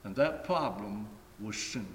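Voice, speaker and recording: A man preaching a sermon in a deliberate, emphatic way, stretching key phrases and letting them fall away at the ends. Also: lowish voice, expressive, a bit bright, a little hiss or hum. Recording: echoey hall with long reverb.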